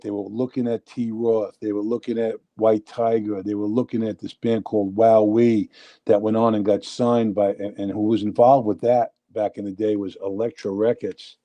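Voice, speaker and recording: A middle-aged man, a guest on a talk show, chatting casually and telling stories, acting out conversations as he goes. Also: lowish voice. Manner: animated storyteller who acts out conversations. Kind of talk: casual chat.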